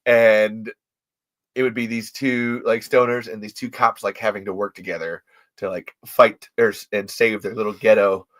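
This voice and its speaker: A man's voice: fairly low pitch, little pitch movement, moderate pace, fairly bright tone. A young man hosting a casual podcast chat, playful and goofy, swearing freely and breaking into silly bits. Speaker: podcast host.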